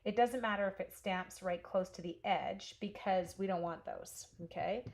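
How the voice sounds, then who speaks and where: A woman with a mid-range, darkish voice speaks at a moderate pace while hosting a live card stamping demonstration. She chats casually with viewers as she works and answers their comments.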